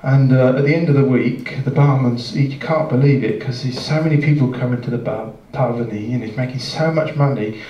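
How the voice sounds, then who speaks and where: A man's voice: mid-range voice, fairly quick, few pauses, mellow, slight background noise. A man rambling through a long joke at a live show, full of restarts and asides. His voice comes from far off the mic, in a roomy club with a dull, muffled tone. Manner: rambling, self-interrupting, chuckling. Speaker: bandleader telling a joke on stage. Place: jazz club stage.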